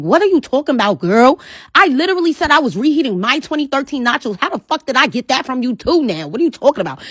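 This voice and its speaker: A young woman telling a personal storytime, animated and profane, exasperated as she recounts a dispute. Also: sits high, fast. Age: young adult. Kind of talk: casual storytime rant.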